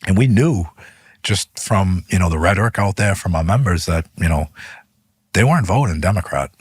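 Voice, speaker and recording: A man, a union leader guest in an interview, telling stories in an animated way, his voice rising as he gets heated. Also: low voice, moderate pace, breathy edge, no room sound, clean studio sound. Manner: animated, voice rises when retelling arguments. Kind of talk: interview storytelling.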